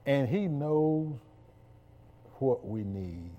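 A man's voice: mid-range voice, lively intonation, very slow, highs cut off, a little hiss or hum. A man preaching a sermon, leading the congregation in call-and-response.

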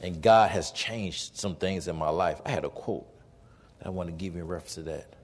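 A man's voice: low voice, brisk. A man in his forties preaching a sermon, telling stories animatedly and acting out dialogue. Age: 40s. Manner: animated storytelling, acts out dialogue. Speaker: pastor.

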